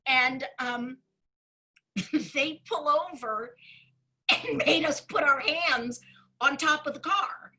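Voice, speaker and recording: A Broadway performer telling an animated story with a lot of expression, acting out the voices of the people in it. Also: female voice, high-pitched, slow pace, long pauses, low-quality recording. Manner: expressive storyteller who acts out quoted voices, often laughing.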